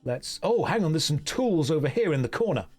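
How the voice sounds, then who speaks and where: Man, game streamer, casual live commentary, wry rambling asides, slightly high voice, animated pitch. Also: a little fast, faint music behind.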